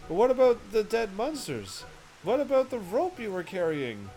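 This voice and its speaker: A man's voice: high-pitched, huge pitch swings, moderate pace, warm tone, pitched above the performer's own voice, heavily acted. Man reading a bold, righteous young adventurer in a game, plain delivery, faint music behind. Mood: earnest. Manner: read aloud plainly from game text.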